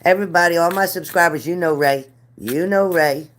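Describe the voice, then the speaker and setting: A woman's voice: on the low side, a little fast, a little hiss or hum. A middle-aged woman reading spirit cards live for viewers, chatty and earnest, repeating their names. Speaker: card reader.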